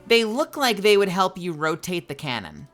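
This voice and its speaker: Streamer lady chatting while she plays, jokey and rambly, lowish voice, faint game music behind. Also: big pitch swings, moderate pace, fairly bright tone. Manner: rambling and jokey, laughing often. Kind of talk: casual chat over gameplay.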